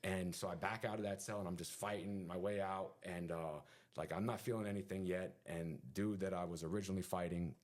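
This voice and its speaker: A man telling a story in casual conversation as a podcast guest, animated and full of sound effects and fillers. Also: sits low, brisk, hardly any pauses.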